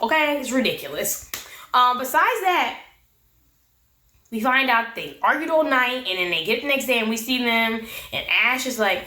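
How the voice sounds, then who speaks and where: A woman's voice: fairly high pitch, expressive, a little fast, a bit bright. A woman giving a casual, sassy recap of a reality show, laughing often. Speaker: recap vlogger. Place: her room. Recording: echoey room.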